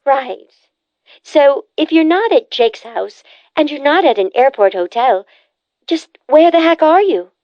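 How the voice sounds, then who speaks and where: Brisk, pushy adult sister in an audiobook, voiced by the female narrator; slightly muffled, dull recording. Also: sits high, animated, no echo, pitched above the performer's own voice. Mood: teasing. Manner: pushy, bossy, teasing. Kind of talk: audiobook character voice.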